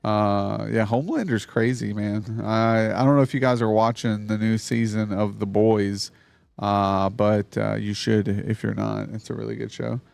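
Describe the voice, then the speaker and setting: Man, live streamer, casual chat, gravelly voice, dry close sound, swears a lot. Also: on the low side, fairly even intonation, measured pace, a little mellow, dry recording. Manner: loose and profane, talks to his chat. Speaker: streamer hosting a guest. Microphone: streaming mic on a mixer.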